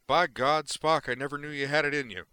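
A man reading a folksy old ship's doctor in an audiobook, pitched up and loud above the narration. He bursts out with emphatic exclamations. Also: sing-song, moderate pace, no room sound, heavily acted. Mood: exuberant.

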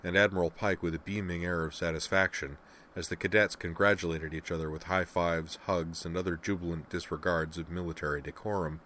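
A man narrating a novel in an even storytelling manner. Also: low voice, brisk, a little hiss or hum. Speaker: audiobook narrator. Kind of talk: scripted narration.

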